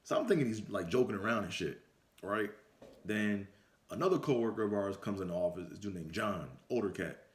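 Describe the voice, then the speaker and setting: Laid-back slangy man, low voice. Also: fairly quick. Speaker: vlogger. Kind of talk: casual storytelling to camera. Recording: roomy echo.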